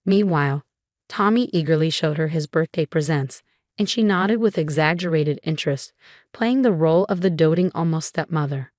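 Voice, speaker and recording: A woman tells a first-person story with emotional, dramatic delivery. Her voice is low-pitched, and the recording is dry and close, with almost no room sound. She paces the narration like a scripted drama. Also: moderate pace, darkish tone, no echo.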